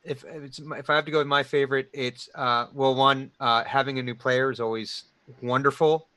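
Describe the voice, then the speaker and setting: A man who is the game master, talking through a session recap in a halting way with many ums and restarts. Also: medium pitch, flat delivery, bright, forceful tone, dry recording. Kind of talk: post-session recap chat.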